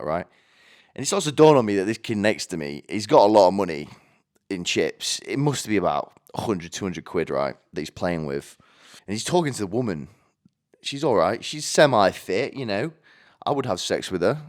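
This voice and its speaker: Pitched on the low side, the voice swings widely up and down at a fairly brisk clip. He's a twentysomething British man hosting a podcast, spinning a meandering, self-deprecating yarn packed with crude slang.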